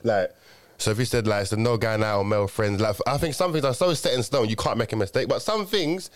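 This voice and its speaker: A young man in casual group chat, talking quickly with lots of slang and restarts. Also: medium pitch.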